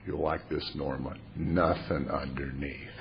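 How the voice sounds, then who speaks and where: A man's voice: very deep voice, fairly even intonation, unhurried, creaky. A man in his fifties giving a humorous, confessional recovery talk, wry and self-mocking. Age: 50s. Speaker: recovery meeting speaker. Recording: muffled lo-fi tape with faint hiss.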